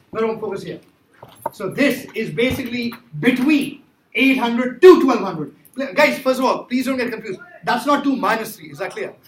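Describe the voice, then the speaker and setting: A man's voice: extremely high pitch, fairly bright tone. A man teaching a calculus class, emphatic and repetitive, quizzing his students as he works through problems. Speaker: math teacher. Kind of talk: classroom lecture. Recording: echoey classroom with faint noise.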